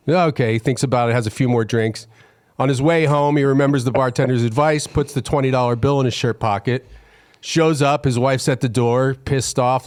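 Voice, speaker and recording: A man's voice: medium pitch, steady tone, a little fast, no room sound, clean studio sound. A man hosting a podcast, retelling a joke in casual chat and feeling his way through it with fillers and restarts. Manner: hesitant, many fillers and restarts while he finds the story. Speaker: podcast host.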